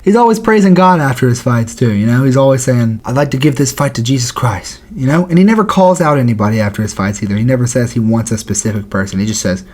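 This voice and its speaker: A man hosting a casual video countdown, talking in a slangy, joking way. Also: medium pitch. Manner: slangy and jokey. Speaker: YouTube host. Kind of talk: casual commentary.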